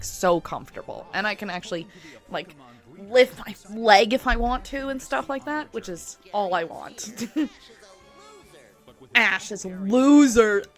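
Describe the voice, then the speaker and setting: Giggly young woman reacting to cartoons. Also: mid-range voice. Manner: chatty and giggly, full of filler "like". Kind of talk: casual reaction commentary. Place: home room at a desk chair.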